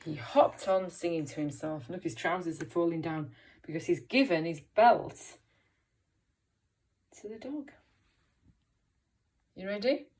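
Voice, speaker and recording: A woman teacher giving an encouraging, expressive reading lesson to young children, asking them questions about the story. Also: fairly low pitch. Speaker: primary school teacher.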